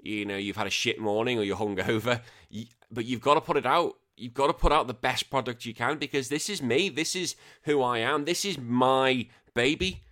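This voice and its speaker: Swearing British podcast host rambling casually. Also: male voice, medium pitch, normal speed, few pauses, pushed and bright. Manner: rambling, swears often, self-deprecating. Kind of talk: casual chat answering listener questions.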